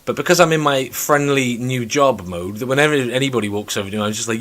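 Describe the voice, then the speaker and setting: A man in casual chat, telling stories with loud mocking impressions and frequent swearing. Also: mid-range voice, animated, quick pace. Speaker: podcast co-host.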